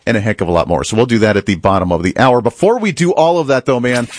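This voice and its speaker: A man's voice: medium pitch, fast, noisy background. A man hosting a political talk show, commenting in a casual, mocking way. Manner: chatty, mocking, laughs at clips.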